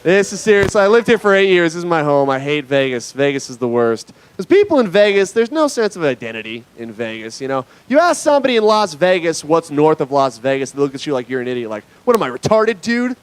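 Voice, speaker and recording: A young man from Nevada doing a stand-up comedy set on a club stage, mostly deadpan with sudden loud bursts. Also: a little high, fast, hardly any pauses, smooth.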